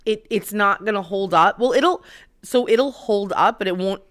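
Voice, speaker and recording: A woman's voice: medium pitch, moderate pace. A woman co-hosting a podcast, chatting casually in a laid-back, agreeable, playful way. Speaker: podcast co-host. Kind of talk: casual chat.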